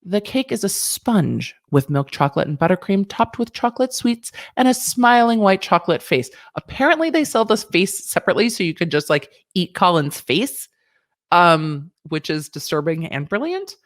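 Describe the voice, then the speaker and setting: A woman's voice: lowish voice, very animated, normal speed. A woman lawyer, giving sassy, playful reaction commentary on a news story, close to a desk mic. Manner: sassy, playful, chatty with asides.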